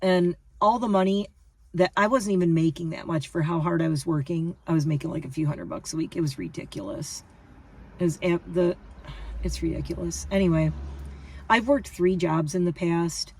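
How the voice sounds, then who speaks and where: A woman's voice: lowish voice, moderate pace, darkish tone, breathy edge, recorded from a distance. Rambling emphatic woman in her fifties. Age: 50s. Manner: emphatic, repeats herself, restarts. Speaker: lifestyle vlogger. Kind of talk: casual rambling monologue to camera.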